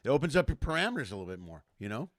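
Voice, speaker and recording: A man's voice: medium pitch, very animated, rapid-fire, dry recording, studio quality. A man hosting a comedy interview over a video call, enthusiastic and rambling with many fillers. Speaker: show host.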